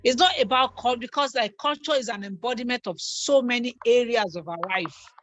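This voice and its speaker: A middle-aged woman speaks with a slightly high voice, earnest and animated as she talks about raising her boys. She repeats lines to drive her point home and tells her stories in a conversational way. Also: normal speed, dry recording. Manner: animated, repeats herself for emphasis. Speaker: guest on a talk show.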